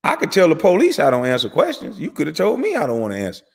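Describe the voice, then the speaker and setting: A man's voice: wildly swooping pitch, vocal fry, a little mellow, slightly rough. Heated man ranting in a reverberant room. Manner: heated, profane, rapid swings in pitch and volume. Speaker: channel host. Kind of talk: angry commentary rant.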